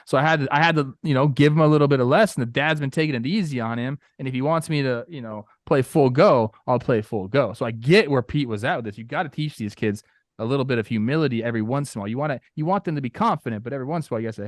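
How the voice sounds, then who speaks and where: A man co-hosting a sports talk show, telling joking stories in an animated way. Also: medium pitch, very fast, no echo, clean studio sound. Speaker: co-host.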